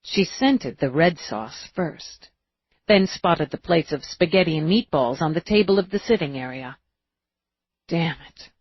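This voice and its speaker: A woman reading an audiobook in a steady, measured way, in a dull, dry recording. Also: low voice, husky, dry recording. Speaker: audiobook narrator. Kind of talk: audiobook narration.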